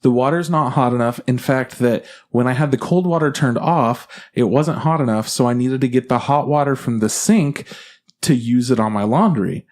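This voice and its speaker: A man's voice: mid-range voice, normal speed. A young man co-hosting a podcast, telling a story in casual chat, swearing a lot and acting out the people he quotes. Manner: animated, swearing, acts out quoted voices. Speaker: podcast co-host.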